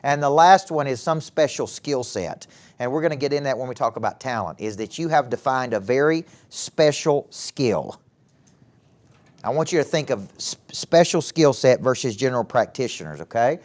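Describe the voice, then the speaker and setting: A middle-aged man with a Southern US accent giving a live motivational talk to young people, animated and often asking the audience questions. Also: mid-range voice, normal speed. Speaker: motivational speaker and former coach. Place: event hall with a live audience.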